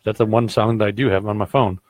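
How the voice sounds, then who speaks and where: A man's voice: fairly low pitch, fairly even intonation, fast talker, no room sound, poor audio. A man hosting a podcast who tells stories in casual chat, swearing constantly and rambling bluntly. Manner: grows loud and heated when retelling arguments. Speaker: podcast host.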